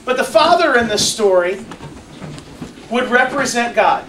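A children's church teacher telling a Bible story to kids in a lively way and asking them questions. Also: medium pitch, measured pace, noisy background. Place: church classroom. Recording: echoey room, far from mic.

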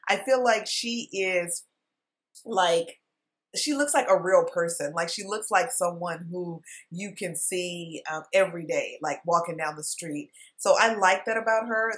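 A woman hosting a casual vlog, reviewing a TV series in a rambling, chatty way full of fillers. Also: on the low side. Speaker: TV show reviewer, channel host.

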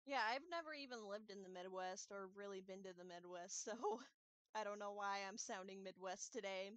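A woman's voice: mid-range voice, a little fast, fairly bright tone, no echo. A woman chatting casually on a gaming stream, rambling and laughing often. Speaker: gamer on a stream.

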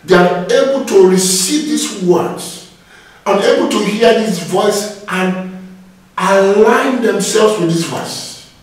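Echoey high-voiced preacher, slow and exhorting. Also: male voice, far from the mic. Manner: exhorting, repeats phrases with "Praise God". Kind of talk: sermon.

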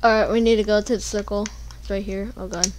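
A young woman giving casual gameplay commentary, panicking and pleading, then yelling at the game. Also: medium pitch, steady tone, fast, a little hiss or hum. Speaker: gamer.

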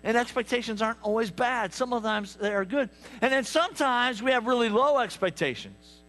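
A man preaching a sermon, telling stories with lively asides to the congregation. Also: extremely high pitch, brisk. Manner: animated storytelling with asides to the congregation. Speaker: pastor. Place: church sanctuary.

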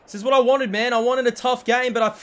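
A young man, commentating his own football video game as he plays, often yelling at the players and talking to himself. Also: very high voice, fast. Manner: excitable, shouts at the play, talks to himself. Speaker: gaming channel host. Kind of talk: let's-play commentary.

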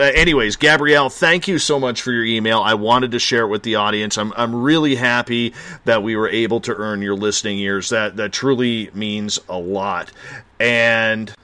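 A man's voice: fairly low pitch, pushed and bright. A man from Canada hosting a late-night radio show, chatting and telling a story in a joking, easygoing way.

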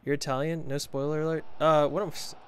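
Fairly high in pitch but with little pitch movement, this streamer talks at a quick pace in a slightly bright voice, a bit of hiss or hum in the background. He jokes sarcastically at his own expense while commenting on the game and responding to chat.

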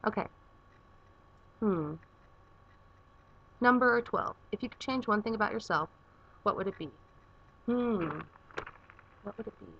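Young woman rambling on a vlog in her garage, gravelly, dull lo-fi sound, faint hiss. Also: mid-range voice, animated, a little slow, pauses often. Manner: rambling, chatty, with filler words. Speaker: vlogger. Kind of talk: casual vlog chat. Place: home garage.

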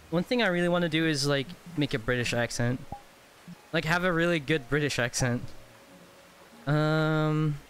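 A man's voice: on the high side, normal speed, slight background noise. A man streaming from home in VR, chatting loosely, swearing often and laughing easily. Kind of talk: casual livestream chat. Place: home room while playing VR.

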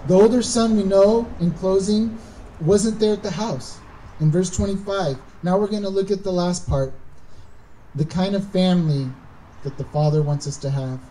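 A male pastor preaches in a relaxed, chatty way, with a warm, mellow voice. He sounds set back from the mic, and a faint noise sits under his words. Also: high voice, normal speed, recorded from a distance, poor audio. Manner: conversational, acts out the Bible characters' lines. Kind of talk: sermon. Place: church.

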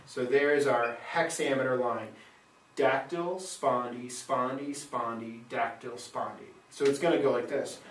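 A man's voice: mid-range voice, steady tone, unhurried, fairly bright tone. Male Latin teacher, patient questioner, roomy sound, mic set back. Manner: patient, asks questions and confirms answers. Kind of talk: classroom lesson, scanning verse aloud. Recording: echoey room, mic far off.

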